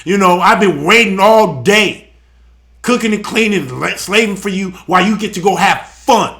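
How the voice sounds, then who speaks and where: A man mimicking a nagging wife who complains in a loud, whiny, accusing voice. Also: medium pitch, lively intonation, moderate pace, creaky, voice pushed down.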